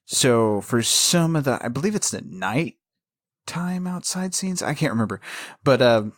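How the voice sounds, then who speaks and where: A man's voice: mid-range voice, expressive, measured pace, no echo. Guy cohosting a movie podcast, laughs a lot, dry close mic. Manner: chatty, laughs often, shares film trivia. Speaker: podcast co-host. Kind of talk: casual film discussion chat.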